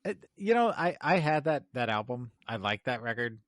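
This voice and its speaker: A man co-hosts a podcast with a lively voice that swings up and down as he jokes around. The sound is dry and close to the mic. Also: mid-range voice, normal speed, no echo. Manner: animated, jokey, bursts into silly bits. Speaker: podcast co-host. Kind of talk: casual chat.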